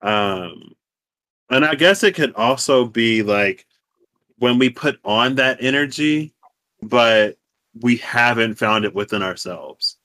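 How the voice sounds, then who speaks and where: Bright, animated man in casual chat. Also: mid-range voice, slow pace, no room sound. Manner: animated, expressive, playful, with slang and laughs. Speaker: podcast co-host.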